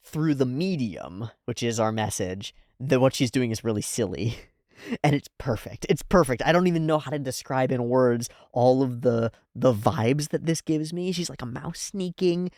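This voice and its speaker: The sound is dry and studio-clean as a man reacts to anime in a relaxed way, filling his thoughts with verbal fillers. Frequent laughter punctuates his talk, along with sudden loud, shrill exclamations.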